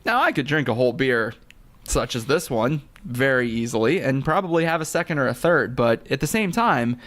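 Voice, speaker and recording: A man co-hosting a beer podcast, talking in a casual, playful, high-energy way. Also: expressive, moderate pace, a bit bright. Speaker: returning podcast co-host. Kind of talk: casual chat.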